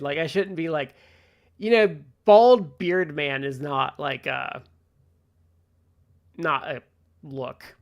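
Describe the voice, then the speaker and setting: A man's voice: a little high, lively intonation, slow, long pauses. A man co-hosting a podcast, talking bluntly and mockingly in casual chat. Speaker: podcast co-host.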